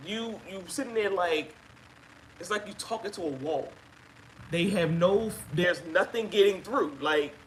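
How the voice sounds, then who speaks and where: A woman sharing her own experience as a guest on a live chat, telling it in an emphatic, animated way. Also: fairly low pitch, a little hiss or hum, rough recording. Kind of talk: casual live-stream chat.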